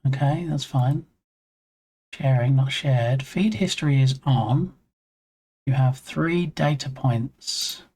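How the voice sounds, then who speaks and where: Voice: medium pitch, darkish tone. A live streamer debugging a hardware setup, muttering through each step, reading on-screen settings aloud and breaking off to greet viewers in chat. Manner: muses to self, reads screen text aloud, chats with viewers. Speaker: game dev streamer. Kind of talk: live-stream thinking aloud while troubleshooting. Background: headphones on.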